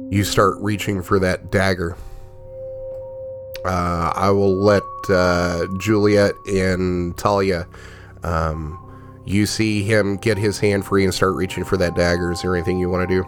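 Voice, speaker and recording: A man narrating a tabletop game as game master, relaxed and full of fillers. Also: low-pitched. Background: music.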